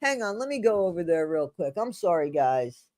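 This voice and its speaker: A woman's voice: lowish voice, sing-song, normal speed, darkish tone, dry recording. Chatty woman hosting a livestream, dry sound. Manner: chatty, talks to her live chat; apologetic. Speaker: livestream host. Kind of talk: casual livestream chat and reading aloud. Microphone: streaming setup mic.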